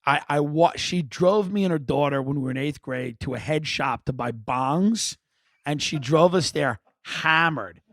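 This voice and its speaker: A man hosting a podcast, telling comic stories in a rambling, wry, animated way. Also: fairly high pitch, a little slow, no echo. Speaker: podcast host. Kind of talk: comic storytelling monologue.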